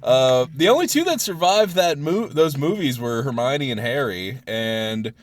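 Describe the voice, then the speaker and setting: A man hosting a casual podcast chat, excitable, laughing often and breaking off mid-sentence to start over. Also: medium pitch, unhurried. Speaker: podcast host.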